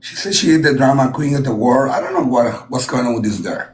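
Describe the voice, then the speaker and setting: A fast-talking man with an animated, medium-pitched, slightly mellow voice hosts a livestream battle. He heaps on compliments in broken English, slipping into Spanish phrases, in a casual livestream chat.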